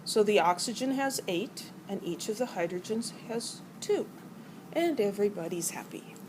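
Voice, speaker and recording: A middle-aged woman lectures a college chemistry class in a mid-pitched voice. She is playful and acts out the atoms as quarrelling characters. The classroom has a faint hum of noise behind her. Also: animated, normal speed. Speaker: chemistry teacher.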